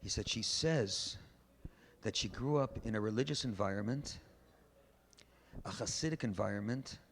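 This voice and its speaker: Here the rabbi's voice is fairly low and moderately paced as he mixes storytelling into his sermon. His emphatic preaching rises to loud exhortations within a large synagogue hall. Faint background noise runs through this archival event recording.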